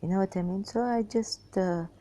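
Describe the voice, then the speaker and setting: A tired, weak woman rambling through a personal monologue for her vlog in halting, broken phrases. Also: mid-range voice, mellow. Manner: halting, fragmented speech with many pauses. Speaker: vlogger.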